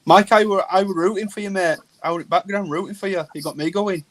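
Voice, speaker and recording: A man, trading loud, swearing banter on a livestream. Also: sits high, fairly even intonation, quick pace.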